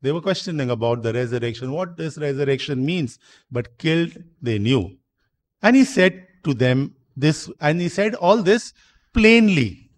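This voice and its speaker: A man preaching a sermon in a church, explaining slowly, repeating himself and asking rhetorical questions. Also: fairly high pitch, lively intonation. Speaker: priest.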